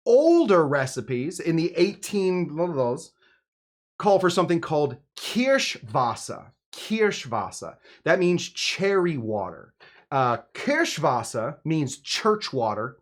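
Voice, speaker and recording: A man hosting a casual home cocktail video, rambling and joking with many fillers as he talks. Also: a little high. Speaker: home bartender host. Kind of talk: casual cocktail-making video with live chat.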